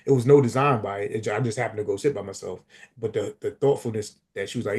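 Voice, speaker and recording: A man chatting casually on a livestream, telling stories in an animated, slangy way. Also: on the low side, quick pace, creaky, breathy edge. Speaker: community member on a livestream. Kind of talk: casual chat.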